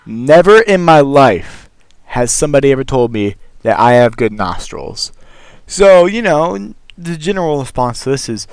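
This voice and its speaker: Animated young man telling a story. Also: mid-range voice, normal speed, smooth, no echo. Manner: animated, exasperated, profane, acts out quotes. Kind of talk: casual storytime monologue.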